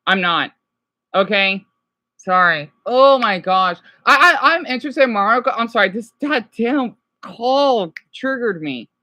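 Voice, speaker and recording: Woman, reaction host, profane rambling rant, bright edgy tone. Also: a little high, expressive. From United States. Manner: profane, rambling, quick to apologize. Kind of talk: ranting reaction commentary.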